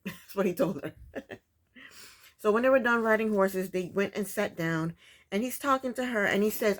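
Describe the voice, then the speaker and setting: A woman's voice: medium pitch, brisk. Woman host, casual recap chatter, blunt and opinionated. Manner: opinionated, chatty, rhetorical asides to the cast.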